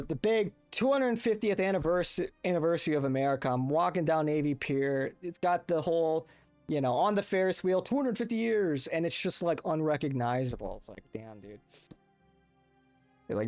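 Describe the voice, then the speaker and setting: A young man hosts a casual livestream, rambling and cursing as he talks to his chat through a compressed desk microphone. His voice sits a little high, and the recording is dry.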